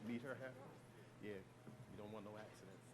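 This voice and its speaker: A man's voice: fairly low pitch, moderate pace, very noisy. An older man on a school's staff presenting graduation awards, jovial and joking with the crowd.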